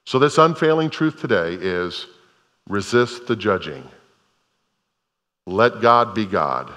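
A man preaches from the pulpit in a sanctuary, his lowish voice bright and forceful. He speaks earnestly and drives points home by repeating them. The sound rings with the long reverb of a large hall. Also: lively intonation, takes it slowly. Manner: earnest, repeats phrases for emphasis. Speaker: pastor. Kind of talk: sermon.

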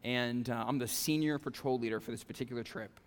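A male pastor preaching a conversational sermon, animated, with frequent "okay?" and "right?" asides to the congregation. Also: mid-range voice, a little fast, long reverb tail. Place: church sanctuary.

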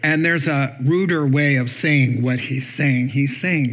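A man's voice: medium pitch, fairly even intonation, a little slow, hardly any pauses, highs cut off, a crowd in the background. A man preaching a sermon as pastor, earnest and building to emphatic peaks.

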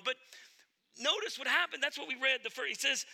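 A man's voice: very high voice, fairly quick, vocal fry, pushed and bright. A male pastor preaching a sermon in an earnest, emphatic way, speaking directly to his congregation.

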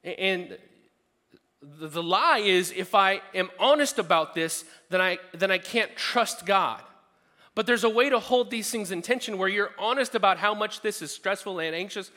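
A man's voice: high voice, moderate pace, sharp tone. A man preaching a sermon as a pastor, earnest and conversational, with frequent restarts. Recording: long hall reverb.

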